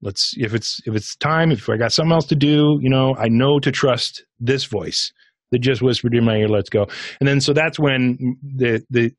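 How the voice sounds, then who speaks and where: A man's voice: mid-range voice, moderate pace, no room sound. Man with a dry close mic telling a story. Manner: casual, animated retelling with acted inner dialogue. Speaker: podcast guest, author. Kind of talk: interview storytelling.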